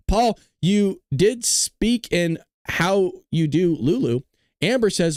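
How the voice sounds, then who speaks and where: Speaking slowly but animatedly, this Southern Californian host has a fairly high, slightly mellow voice with a matching accent. He jokes and rambles through livestream commentary on a close mic with no echo.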